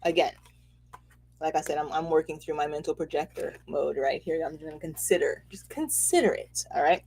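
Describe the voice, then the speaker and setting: A woman giving a casual, animated spiritual reading, chatty and quick to laugh, checking in with "okay?" often. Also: low voice. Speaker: spiritual reader and host.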